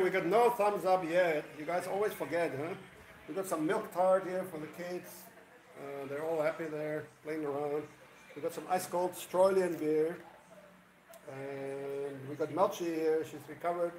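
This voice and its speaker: A man's voice: a little high, echoey room, rough recording. A man hosting a casual live stream, rambling and greeting viewers by name. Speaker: livestream host.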